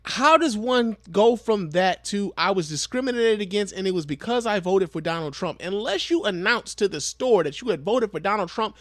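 High-voiced man giving blunt commentary. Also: animated, moderate pace, fairly bright tone, no room sound, studio quality. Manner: blunt, profane, exasperated. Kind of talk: casual commentary.

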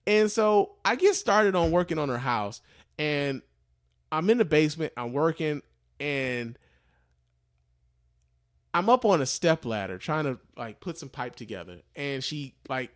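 A man's voice: a little high, lively intonation, measured pace, long pauses, no room sound, studio quality. A man hosting a podcast, telling a story casually with profanity and lots of fillers. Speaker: podcast host.

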